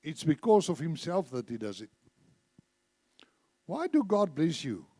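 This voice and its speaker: A man's voice: on the high side, very animated, a little slow, dark tone, no echo. A man preaching a sermon in a church, emphatic, repeating phrases and leading the congregation in reciting scripture. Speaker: church speaker.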